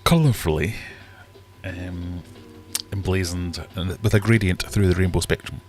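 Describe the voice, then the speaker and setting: A man's voice: sits low, unhurried. A man hosting a casual live-stream quiz, chatty and joking as he reads out the questions. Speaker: livestream quiz host.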